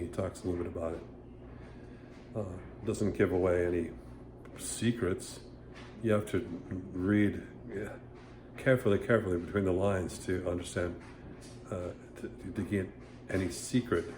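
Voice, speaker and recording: A man's voice: fairly low pitch, a little mellow, slight background noise. A man giving a casual singing lesson, rambling and stopping often to sing short vowel demonstrations. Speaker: voice teacher. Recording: echoey room with faint ambience.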